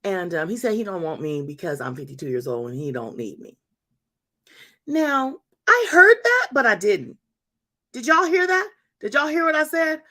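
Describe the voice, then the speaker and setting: A woman's voice: fairly low pitch, big pitch swings, brisk, pushed and bright. A woman in her fifties hosting a faith talk, telling a story to her listeners with emphatic repetition and calling them y'all. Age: 50s. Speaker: host.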